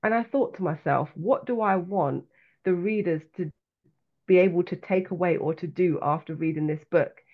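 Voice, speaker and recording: A woman with a London accent, an author and coach speaking as a guest in a podcast interview, talking in a reflective, earnest and measured way. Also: fairly low pitch. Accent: London English. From London, England. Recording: slightly dull lo-fi sound.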